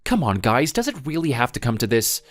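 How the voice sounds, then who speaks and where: An actor playing a calm husband who tries to settle a family quarrel in a scripted text-story drama, soothing and placating. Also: male voice, mid-range voice, a little fast, dry recording, studio quality, close to an everyday voice.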